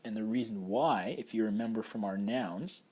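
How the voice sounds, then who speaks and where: Male lecturer, slightly low and husky voice, patient explanations, lots of fillers. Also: moderate pace, darkish tone. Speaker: Hebrew teacher. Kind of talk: recorded lecture over slides.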